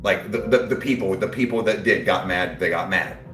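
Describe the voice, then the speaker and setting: A man's voice: low-pitched, moderate pace, reverberant. A man hosting his channel in casual chat, crude and brash, rambling and defiant. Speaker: YouTube channel host.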